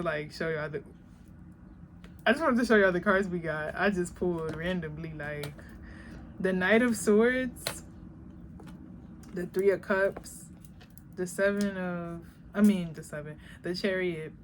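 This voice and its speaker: A woman giving a casual tarot reading, talking bluntly and profanely, animated and laughing often. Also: on the low side, measured pace, long pauses. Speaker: tarot reader. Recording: background noise.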